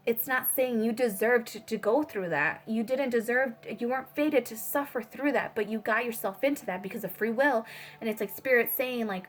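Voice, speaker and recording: A woman's voice: a little high, moderate pace, soft background music. A woman giving a casual spiritual tarot reading, rambling with many fillers and swearing freely. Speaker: tarot reader.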